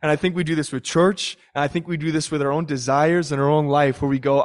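A man's voice: on the high side, fairly even intonation, fast, few pauses. Young man preaching a story-filled sermon. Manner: storytelling, acts out voices in prayers and quotes.

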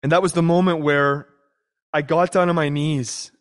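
A young man preaching in a lively storytelling sermon. His voice sits a little high for a man. He acts out the people in his story as he goes. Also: moderate pace.

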